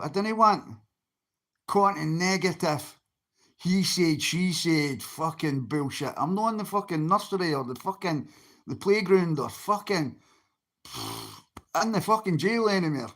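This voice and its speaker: A man's voice: sits high, a bit bright. A Scottish man on a livestream, talking bluntly and swearing often as he answers people in his chat.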